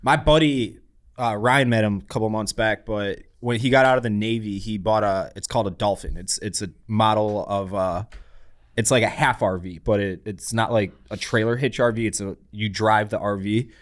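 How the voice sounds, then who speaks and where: A man co-hosting a podcast, chatting casually in a relaxed, matter-of-fact way. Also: fairly low pitch, normal speed. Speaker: podcast co-host. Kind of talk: casual chat.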